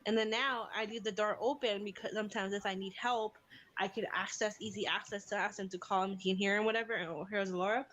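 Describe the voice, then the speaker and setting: A woman's voice: medium pitch, steady tone, brisk, a bit bright, a little hiss or hum. A woman chatting casually with a friend on a livestream. She tells a story about her daughter, full of fillers and restarts, and acts out the girl's lines. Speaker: vlogger and mother.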